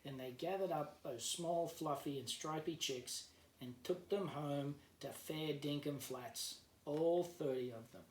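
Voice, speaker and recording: A male teacher reading a picture book aloud to children, gently explaining words as he goes, recorded at home. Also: fairly high pitch, unhurried, distant mic. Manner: gentle storyteller who explains words for kids. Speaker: teacher, guest reader. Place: at home, remote learning. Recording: echoey room, voice off-mic, faint background.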